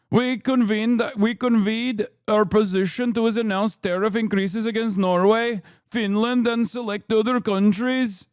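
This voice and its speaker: A man putting on a Norwegian accent, playing a stiff, formal male statesman who reads an official statement slowly and with measured care. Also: very high voice, clear, resonant tone, no echo, clean studio sound. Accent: put-on Norwegian.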